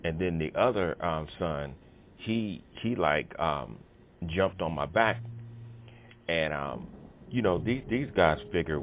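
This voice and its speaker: A man's voice: very deep voice, lively intonation, moderate pace, slight background noise. A man telling a personal story in casual conversation, rambling with many fillers and punchy sound effects. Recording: tinny phone-line audio with music behind.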